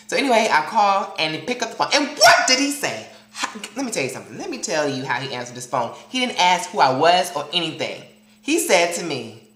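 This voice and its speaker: A man vlogging to his viewers, telling a story in an animated, dramatic and sassy way. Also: high voice, a little fast, echoey room. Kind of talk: casual storytelling vlog.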